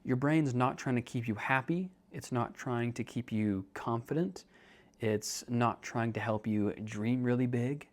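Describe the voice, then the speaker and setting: A man's voice: medium pitch, unhurried. A young man hosting a podcast, talking casually and joking as he explains ideas to listeners. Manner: chatty, jokey, calls listeners dude. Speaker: podcast host and counselor.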